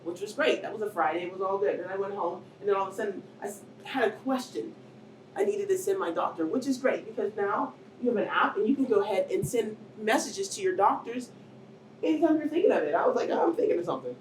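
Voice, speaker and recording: Talking at a quick pace in a medium-pitched voice, a middle-aged woman recounts her cancer survival at a panel before an audience in an event hall. She grows emotional, nearly shouting and tearing up at moments. The distant mic yields roomy hall sound and faint noise.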